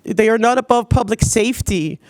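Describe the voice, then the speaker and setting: A woman from Los Angeles giving a public comment at a city commission meeting, choked up and tearful, pleading earnestly with halting restarts. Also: a little high, darkish tone, no echo.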